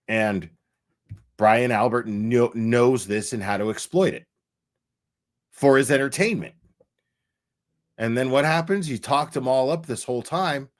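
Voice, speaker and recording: A man's voice: mid-range voice, unhurried, long pauses. A man ranting in casual commentary on a stream, swearing a lot and acting out the people he talks about. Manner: profane, animated, acts out quoted people.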